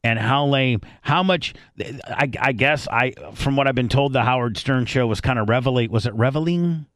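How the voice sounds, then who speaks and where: A man talks on a radio show in a rambling, profane way, stopping and restarting his sentences again and again. His voice has a middle pitch. He is recorded close up, with a dry sound. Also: normal speed, a bit bright, no echo. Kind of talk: casual crude chat.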